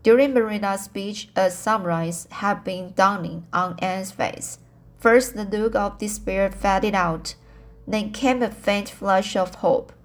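Slow, halting woman audiobook reader. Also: mid-range voice, steady tone. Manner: halting, frequent restarts. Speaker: audiobook narrator. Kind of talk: amateur audiobook reading.

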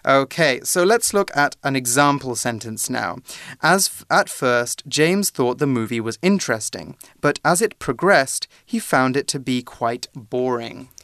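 A man explains English words on a language-learning show with patient, steady clarity. His voice is smooth and resonant, in a close, dry recording. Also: mid-range voice, unhurried, no echo. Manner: patient, clear explanations with examples. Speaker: English teacher.

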